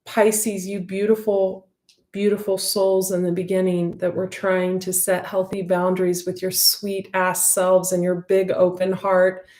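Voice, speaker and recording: A woman's voice: lowish voice, completely flat delivery, unhurried, a little mellow, echoey room. A woman giving an intuitive tarot reading to her viewers, talking in a heartfelt, rambling way with many fillers. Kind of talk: casual spoken intuitive reading.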